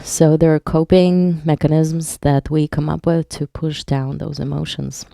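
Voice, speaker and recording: A woman's voice: low voice, flat delivery, a little slow, vocal fry, warm tone, no echo, clean studio sound. A woman hypnotherapist leading a live online workshop, reading viewers' chat aloud and explaining patiently, with some wordplay. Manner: plays on words while teaching.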